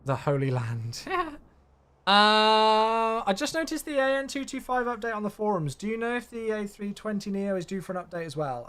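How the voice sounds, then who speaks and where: A man chats with his live-stream viewers, reading out their messages and thanking subscribers as he goes. He sounds tired and yawns now and then. His slightly high voice rises and falls a lot. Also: sing-song, normal speed, fairly bright tone. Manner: chatty, reads chat aloud, thanks subscribers. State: tired, yawning. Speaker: flight sim streamer. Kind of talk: casual live-stream chat.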